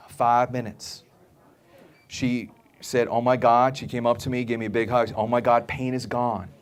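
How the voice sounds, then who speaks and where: Man, live talk to an audience, emphatic, repeats himself, keeps asking okay, acts out customers. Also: mid-range voice. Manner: acts out customers' voices in anecdotes. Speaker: supplement store speaker.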